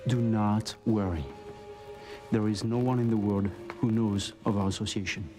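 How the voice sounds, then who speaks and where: An actor playing a smooth, secretive male criminal in a soap opera, speaking reassuringly over music. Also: lowish voice, steady tone, normal speed, natural voice.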